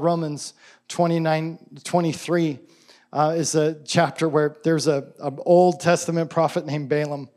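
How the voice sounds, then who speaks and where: A man preaching a sermon in a casual, enthusiastic way, with quick asides and restarts. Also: fairly high pitch, a little mellow. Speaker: pastor.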